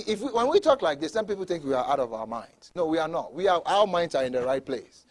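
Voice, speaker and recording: Pastor guy preaching, high voice that jumps all over, repeats himself a lot, gets loud then soft. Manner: repeats words, stammering restarts, laughs between points; swings from soft asides to loud emphatic preaching. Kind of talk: sermon.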